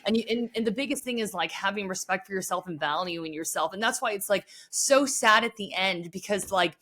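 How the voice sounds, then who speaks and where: Woman, podcast guest, casual chat, earnest, lots of "like" fillers, sensitive, mid pitch. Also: fairly quick, fairly bright tone. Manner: earnest, heavy use of "like" fillers; sensitive, emotionally open.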